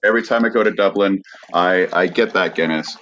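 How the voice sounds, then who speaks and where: A man's voice: low-pitched, fairly quick, fairly bright tone, slight background noise. A man co-hosting a podcast, talking hesitantly with many fillers in casual banter. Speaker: podcast co-host. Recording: dull lo-fi sound.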